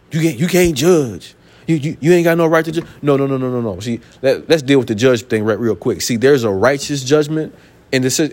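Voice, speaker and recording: A man preaching a sermon from the pulpit, emphatic and colloquial, repeating his points and firing off rhetorical questions. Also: medium pitch. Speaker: pastor.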